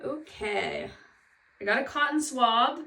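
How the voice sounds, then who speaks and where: A woman's voice: sits high, slow, pushed and bright, slight background noise. A woman vlogging at home in casual chat, nervous and rambling as she talks herself through a task. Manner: nervous, rambling, self-talk with nervous laughs. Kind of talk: casual vlog talk. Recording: echoey room, voice from a distance.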